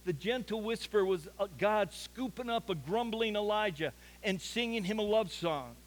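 A man's voice: high-pitched, animated, moderate pace, rough recording. A man preaching an earnest sermon as a pastor, building to emphatic peaks.

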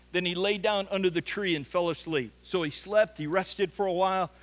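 A man's voice: high voice, fairly even intonation, moderate pace, hardly any pauses, a bit bright. A man preaching a sermon as pastor, telling a scripture story in an earnest way and often repeating words for emphasis. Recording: long reverb of a large hall.

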